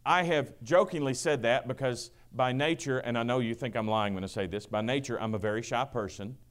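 A middle-aged male pastor preaching a sermon, booming then dropping to a hush, acting out quoted voices. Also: fairly quick, clear, resonant tone. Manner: swings from booming to hushed, acts out quotes.

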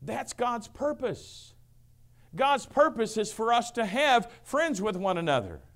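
Preacher with big swings in volume. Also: male voice, sing-song, unhurried. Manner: swings from booming to hushed, acts out quotes. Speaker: pastor. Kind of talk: sermon.

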